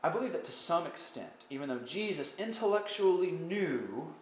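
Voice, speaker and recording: A man teaching an evening Bible study, earnest, climbing to impassioned pleading and dropping to soft reflection. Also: a little high, very animated, normal speed, a little hiss or hum.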